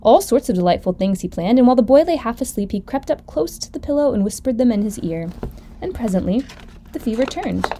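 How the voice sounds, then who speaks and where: A woman host reading a children's story aloud gently and expressively. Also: on the high side, lively intonation, fairly quick, a little hiss or hum. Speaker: podcast host.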